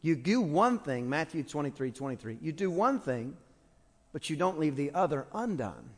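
A man's voice: a little high, big pitch swings, moderate pace, breathy edge. A man preaching a sermon as pastor, telling a story in a humorous, conversational way with frequent restarts. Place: church sanctuary. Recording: long church-hall reverb.

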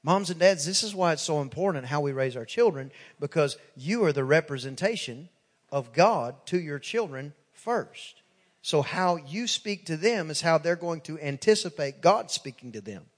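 A male pastor preaches with emphatic repetition, his voice sitting fairly high. He stacks phrase on phrase and retells conversations line by line. The sound carries a long reverb from the church hall. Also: lively intonation, normal speed. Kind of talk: sermon.

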